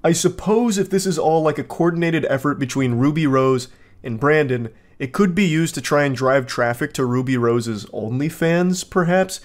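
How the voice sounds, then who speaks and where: A man's voice: a little high, normal speed. A man hosting comedic commentary on internet videos, with dry, sarcastic mock sincerity. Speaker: host.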